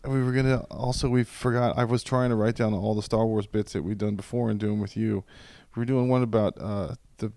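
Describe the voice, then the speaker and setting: A man's voice: on the low side, steady tone, fairly quick, gravelly, hardly any pauses, warm tone, no echo. A man in his forties hosting a podcast, chatting casually with a jokey, teasing, self-deprecating manner. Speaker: podcast host.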